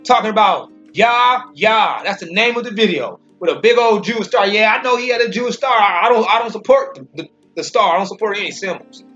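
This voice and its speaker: A man with a fairly high voice gives an informal scripture commentary. He speaks emphatically, stumbles over and repeats words, and slows to a deliberate pace when reading verses. The recording is dull and lo-fi, with faint music underneath. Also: lively intonation, pushed and bright. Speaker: Bible teacher.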